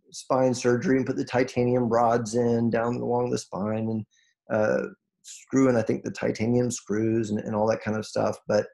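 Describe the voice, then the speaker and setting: Man, gravelly tone, emotional motivational speaker on a video call, earnest, restarts a lot. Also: mid-range voice, warm tone. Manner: earnest, emotional, many restarts, voice rises when moved. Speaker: guest speaker on a group call. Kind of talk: heartfelt motivational talk.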